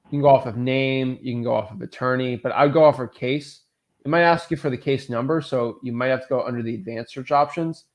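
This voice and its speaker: Hosting a relaxed live coaching Q&A, this real estate wholesaling coach talks a little fast in a mid-range voice. His delivery is loose, upbeat and meandering, heavy on fillers.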